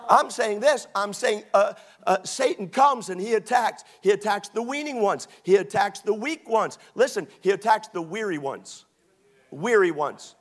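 A man preaching a sermon as a pastor, animated and mocking, often breaking into quoted put-on voices. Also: sits high, normal speed.

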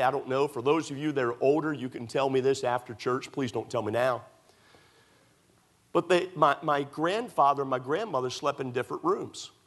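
A man's voice: medium pitch, fairly bright tone. A man from Maryland preaching in church, telling folksy stories and asking rhetorical questions with emphasis. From United States (Maryland). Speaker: pastor. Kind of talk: sermon.

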